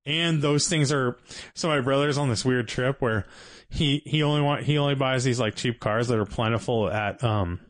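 A man's voice: medium pitch, moderate pace, no room sound. A man telling rambling stories in a casual chat about cars. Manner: laid-back, rambling storyteller.

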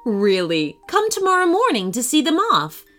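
Storybook governor: kind, composed grown woman, reassuring and measured, a narrator giving her voice. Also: high voice, wildly swooping pitch, fairly bright tone, faint music behind, heavily acted. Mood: gracious.

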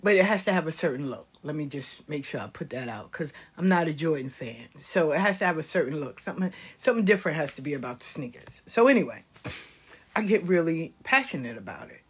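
Fast, animated and husky, a low-pitched older woman talks about life lessons. She has nine grandkids, and her casual, passionate monologue of stories often sinks to a whisper.

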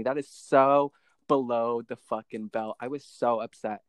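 A young man in casual podcast chat, telling an animated story and swearing freely. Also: mid-range voice, unhurried, smooth, dry recording.

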